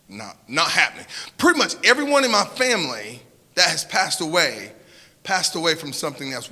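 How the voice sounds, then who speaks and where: Southern man telling a personal story to an audience, fairly high voice, earnest, shifts between hushed and loud, recorded in a hall with a long echo. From Southern United States. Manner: earnest, repeats and restarts phrases, swings between hushed and loud.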